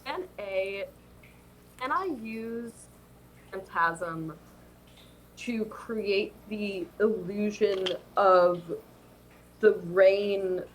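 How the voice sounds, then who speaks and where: A woman's voice: medium pitch, extremely slow, pauses often, slight background noise, poor audio. A woman playing a tabletop game, talking in a hesitant, chatty way. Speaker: player. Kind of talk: casual tabletop game talk.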